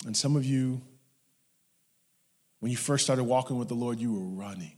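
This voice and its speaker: A man preaching a sermon, telling stories and acting out his parents, dropping to hushed whispers and rising to loud shouts. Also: medium pitch, brisk, long pauses. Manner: storytelling, acts out family members in his anecdotes. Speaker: pastor. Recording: long hall reverb.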